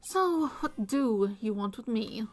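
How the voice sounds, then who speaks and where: A woman's voice: a little high, expressive, slow pace. A woman putting on a pompous flamboyant male designer. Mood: haughty. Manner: pompous, put-on accent. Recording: faint music behind.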